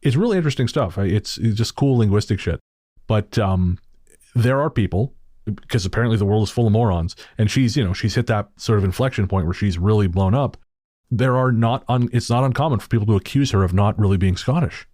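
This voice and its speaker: A man with a low voice that swings up and down a lot, co-hosting a podcast and ranting with plenty of swearing. The sound is dry and close, with no room around it. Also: animated, a little fast, dark tone, dry recording. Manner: profane, ranting. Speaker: podcast co-host. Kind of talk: casual chat.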